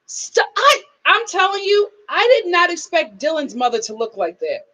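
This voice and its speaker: A young adult woman chatting casually as she reviews a reality show, emphatic and animated, acting out the scenes she describes. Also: very high-pitched, moderate pace.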